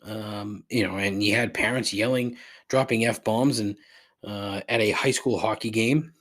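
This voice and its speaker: A middle-aged man hosting a podcast, rambling through a profane rant that climbs in pitch when he gets riled. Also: fairly even intonation, measured pace, fairly bright tone. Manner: rambling and repetitive, swears freely, rises in pitch when riled. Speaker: podcast host. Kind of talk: casual profane ranting monologue.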